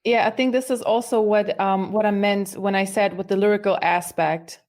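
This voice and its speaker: Woman guest, musician. Measured, hesitant conversational delivery. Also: mid-range voice, steady tone, a little mellow. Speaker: podcast guest, musical artist. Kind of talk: casual podcast conversation.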